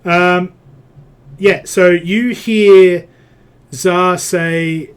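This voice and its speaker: A man's voice: sits high, steady tone, very slow, clear, resonant tone. A man running a tabletop game as game master, hesitant and full of fillers as he works out dice math.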